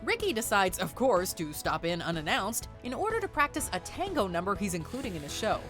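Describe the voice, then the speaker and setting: Lively woman narrating a countdown list. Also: medium pitch, brisk, music in the background. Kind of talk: scripted narration.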